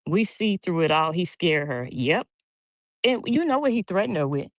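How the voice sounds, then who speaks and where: A woman's voice: fairly low pitch, very animated, normal speed, no room sound, muffled recording. A middle-aged woman from Louisiana with a Louisiana twang, chatting casually on a livestream, reading comments and gossiping with a laugh. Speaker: livestream host. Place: home.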